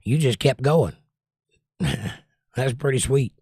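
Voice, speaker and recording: A man with a husky, mid-range voice speaks slowly into his desk microphone at home by a window, in a studio-quality recording with no room sound. Hosting a casual livestream, he rambles in a relaxed way and reads viewer comments aloud.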